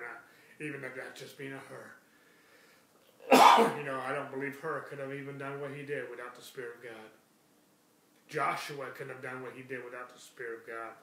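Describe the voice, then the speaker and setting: A man in a middle-pitched voice preaches with emphasis, driving home his points by repeating them. He is recorded from a distance in an echoey room with a faint hum behind him. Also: vocal fry, a bit bright. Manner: emphatic, repeats key phrases. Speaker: Bible teacher.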